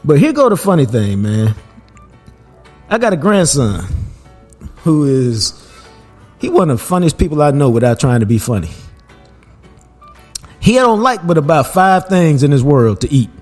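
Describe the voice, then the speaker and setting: A man, hosting a podcast and telling a family story in a relaxed, casual way, laughing as he goes. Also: on the high side, normal speed, pauses often, soft background music. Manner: laid-back, laughs while telling stories. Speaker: podcast host.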